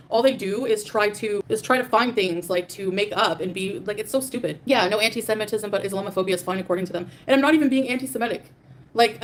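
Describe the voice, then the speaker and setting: A young adult woman with a fairly high voice hosts a livestream, ranting defiantly and with plenty of profanity at her chat while reading super chats. Her speech is full of fillers, and there's slight background noise.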